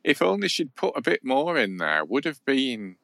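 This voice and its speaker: A man's voice: mid-range voice, sing-song, moderate pace, gravelly, a bit bright, no echo, clean studio sound. A man co-hosting a casual chat podcast, easygoing and playful, given to teasing asides. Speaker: podcast co-host.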